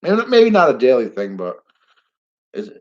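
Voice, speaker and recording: A middle-aged man talks off the cuff on a live stream, blunt and rambling, quick to get heated and let a curse slip. His voice sits at an ordinary middle pitch. The sound is dull and lo-fi, like cheap streaming audio. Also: huge pitch swings, darkish tone. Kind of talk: casual live-stream monologue.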